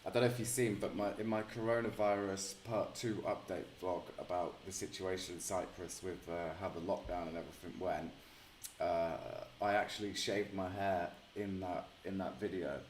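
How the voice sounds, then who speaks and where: A man's voice: deep voice, steady tone, moderate pace, slight background noise. A man hosting a live stream, chatting casually with lots of fillers and calling people mate. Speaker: streamer host. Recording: echoey room.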